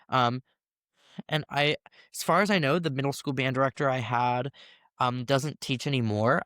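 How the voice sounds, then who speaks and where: Young male teacher, twenties, conversational storyteller who acts out quotes; mid pitch, dry close sound. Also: no room sound. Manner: animated, quotes people in voices. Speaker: first-year band teacher, guest. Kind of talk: casual interview storytelling.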